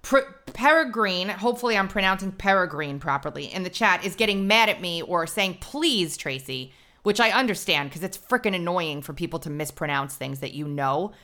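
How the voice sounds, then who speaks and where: A woman co-hosting a podcast in casual chat, animated, laughing often and swearing casually. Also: on the low side, fairly quick, hardly any pauses. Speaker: podcast co-host.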